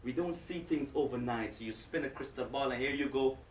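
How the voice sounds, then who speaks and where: A man's voice: mid-range voice, brisk, slight background noise. A man preaching to a live audience, joking and speaking to the listeners directly. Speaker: Islamic preacher. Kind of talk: lively lecture to a live audience. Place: lecture hall with audience. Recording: echoey hall, distant mic.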